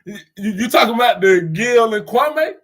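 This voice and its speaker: High-voiced man chatting with his viewers. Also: expressive, normal speed. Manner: laid-back slang, laughs often, addresses chatters. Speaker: streamer reading live chat. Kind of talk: casual live-stream commentary.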